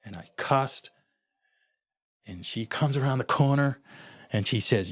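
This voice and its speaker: This Honduran man, a podcast guest, has a mid-range, fairly bright voice and an expressive, measured delivery with frequent pauses. He recounts his personal story candidly and thoughtfully in an interview, often restarting his sentences.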